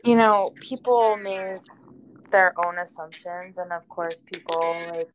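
A woman hosting a podcast, speaking slowly and thoughtfully in a supportive way. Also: lowish voice, a little hiss or hum, rough recording. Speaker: podcast host. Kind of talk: casual chat.

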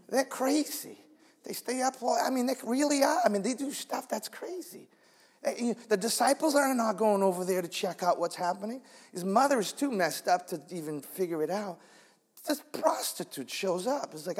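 A male guest preacher giving an animated, dramatic storytelling sermon on a handheld microphone, calling out to his congregation, with a husky voice. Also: high voice. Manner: animated, emotive, calls on the congregation. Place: church sanctuary. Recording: long reverb in a large church hall.

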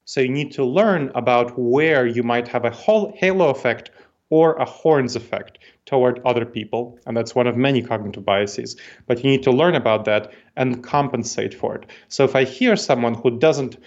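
The audio is dull, and the man's medium-pitched voice sounds a little mellow at a moderate speed. An interview guest in his forties from Moldova, he carries an Eastern European accent with New York traces and explains things step by step, restating what matters.

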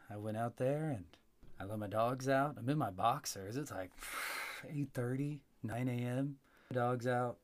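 A man telling a long story in casual talk, cursing freely and getting animated. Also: medium pitch. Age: adult with a young child. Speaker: podcast host.

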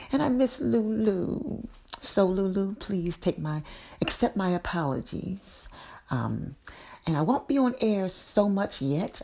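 A woman's voice: fairly low pitch, vocal fry, warm tone, breathy edge. A woman leaving a casual, apologetic and affectionate voice message for a show. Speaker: caller.

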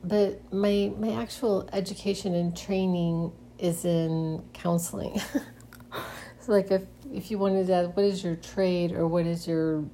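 A woman's voice: lowish voice, warm tone, a little hiss or hum. A middle-aged woman hosting a casual solo monologue, speaking hesitantly with frequent restarts and nervous giggles. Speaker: podcast host.

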